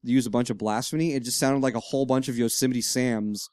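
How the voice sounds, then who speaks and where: A man in a casual podcast chat, teasing and arguing back with a ready laugh. His pitch is ordinary and the recording is dry and close. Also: fairly even intonation, brisk, a little mellow, clear, resonant tone, dry recording. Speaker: podcast co-host.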